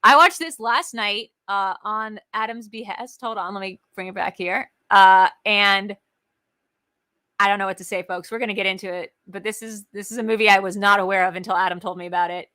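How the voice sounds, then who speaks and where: A woman co-hosting a casual chat over a video call, talking in an excitable, jokey and rambling way. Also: medium pitch, a little fast, dry recording. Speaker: co-host.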